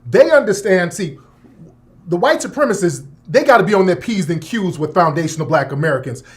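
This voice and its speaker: His voice sits high and moves fairly quickly as he hosts a talk radio show, ranting with strong opinions. Expect swearing, laughter, and mocking asides in put-on voices.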